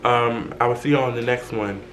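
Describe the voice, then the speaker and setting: A chatty young man recounts a story straight to his camera, laughing in asides to his viewers. His voice sits at an ordinary middle pitch, with a faint hiss of noise underneath. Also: fairly even intonation, brisk, a bit bright, rough recording. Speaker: vlogger. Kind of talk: casual storytime chat.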